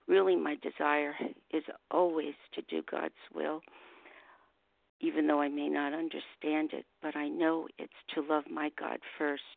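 A woman's voice: low-pitched, vocal fry, no echo. A woman in her morning voice, sharing earnestly and reflectively at a recovery meeting. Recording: tinny phone-line audio.

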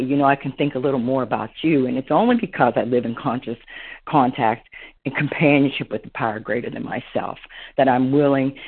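A woman with a slightly husky voice shares her story on a recovery meeting call. She rambles warmly, leaning on "you know" as she goes. The sound is narrow and tinny, as if coming through a telephone line. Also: extremely low pitch. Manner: rambling, heartfelt, heavy on fillers. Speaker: meeting member sharing. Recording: phone-line audio.

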